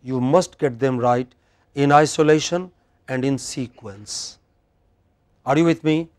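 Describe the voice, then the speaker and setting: A man's voice: mid-range voice, darkish tone. A man with an Indian English accent leads a pronunciation drill in a university classroom. He is demanding and exacting, and he corrects each slip and drags the word out so the class can echo it back. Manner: demanding, corrects and repeats words slowly.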